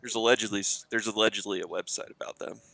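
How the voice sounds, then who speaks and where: A man in casual podcast banter, deadpan and insistent as he teases. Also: lowish voice, fast, creaky, dry recording. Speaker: podcast co-host.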